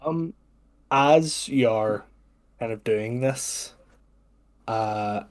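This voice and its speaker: A man's voice: mid-range voice, extremely slow. Man narrating as game master. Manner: meandering, hedging with "like".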